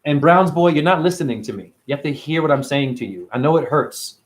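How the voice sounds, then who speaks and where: A man's voice: a little high, expressive, a little fast. A man hosting a casual livestream, talking animatedly and profanely and answering viewers by name. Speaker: livestream host reading chat.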